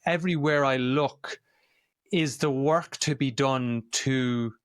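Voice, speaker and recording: A man's voice: mid-range voice, slow pace, smooth, no room sound, clean studio sound. A man hosting a podcast, talking in an earnest, reflective conversational way. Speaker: podcast host.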